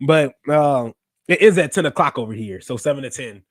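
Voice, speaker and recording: A man in his twenties hosting a podcast, chatting casually and excitably, rambling with lots of fillers and restarts. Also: mid-range voice, fairly quick, dry recording, clean studio sound. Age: 20s. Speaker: podcast host. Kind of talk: casual wrestling review chat. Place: United States Central time zone.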